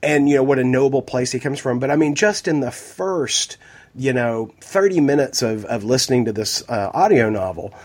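A man co-hosting a podcast in casual chat, a bit hoarse from a cold, rambling and wry. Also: medium pitch, expressive, normal speed, a little mellow. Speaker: podcast co-host.

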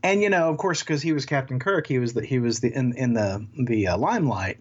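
A man with a husky, slightly breathy voice talks in a loose, rambling way, cracking jokes as he co-hosts a casual podcast. His sound comes through a remote call and is a little dull and muffled. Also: medium pitch, animated, brisk. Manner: chatty, rambling, jokey. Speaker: podcast co-host. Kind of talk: casual chat. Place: home in Texas.

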